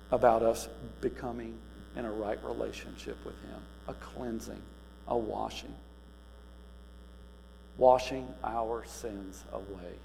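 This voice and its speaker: A man delivers a sermon at an unhurried pace, his gravelly voice dropping low and then rising into loud, emphatic cries. The recording carries a long hall reverb and a faint electrical hum underneath. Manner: swings from quiet musing to loud emphatic cries. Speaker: preacher.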